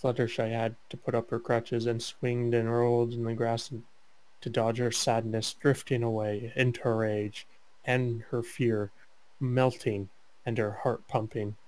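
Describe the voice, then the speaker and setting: A man's voice: mid-range voice, little pitch movement, a little mellow. A man reading a fanfic aloud for laughs, stumbling over words and trading jokes with a co-host. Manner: halting read-aloud, stumbles and mock-serious delivery. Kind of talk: comedic dramatic reading with banter.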